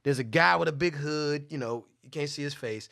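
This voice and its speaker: A man's voice: on the high side, fairly quick, creaky, a bit bright, dry recording, clean studio sound. A man co-hosting a podcast, telling a story in loose slang and acting out other people's lines. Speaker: podcast co-host. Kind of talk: casual storytelling chat.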